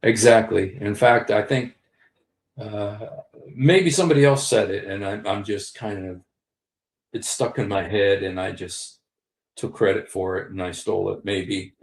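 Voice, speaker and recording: A man in his sixties talks slowly in a low, gravelly voice, giving casual commentary on a livestream. He rambles, repeats his key lines and speaks straight to his viewers. The room around him sounds echoey. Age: 60s. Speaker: live streamer. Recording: roomy echo.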